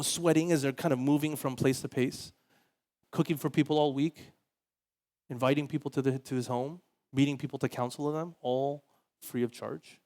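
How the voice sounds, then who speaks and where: A male pastor giving a sermon in a casual, conversational way, full of "like" fillers, who acts out the people he quotes. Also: fairly high pitch. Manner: animated, voices quoted people.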